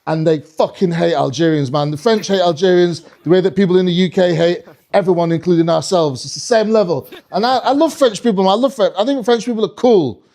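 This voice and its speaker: A man's voice: sits high, a little fast, few pauses, mellow. A man doing a live stand-up routine on a comedy club stage, rambling, swearing and talking to the crowd.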